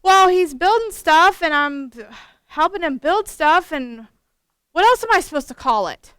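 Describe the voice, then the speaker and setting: A woman's voice: very high voice, lively intonation, measured pace, a bit bright, no room sound, pitched above the performer's own voice, full character voice. A woman quoting her nerdy grown brother in a plain, reasonable tone.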